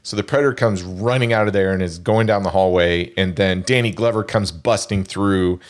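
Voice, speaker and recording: A man casually discussing a film, animated and laughing often, with frequent restarts. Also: low voice, moderate pace.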